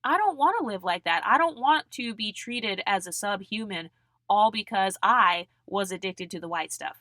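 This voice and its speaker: A young woman with a bright, forceful voice delivers a blunt, mocking monologue straight to the camera. She swears freely and talks in a dry, close sound with no room echo. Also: mid-range voice, animated, normal speed. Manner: blunt, mocking and profane, mimics people in put-on voices. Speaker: channel host.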